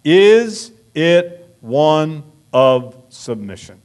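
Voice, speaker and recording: A male pastor preaches with an animated, swooping voice that sits a little high for a man. He drives his points home with emphatic rhetorical questions, leaning into key words. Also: very slow, clear, resonant tone. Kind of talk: sermon.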